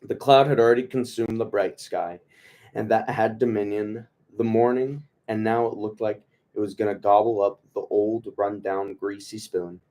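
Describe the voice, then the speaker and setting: A man with a lowish voice reads a novel aloud to his book club at an easy pace. He trips over words now and then, backs up to reread, and breaks off for wry jokes. The tone stays loose and conversational. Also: moderate pace. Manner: relaxed, stumbles and rereads, jokes aside. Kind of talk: casual read-aloud of a novel.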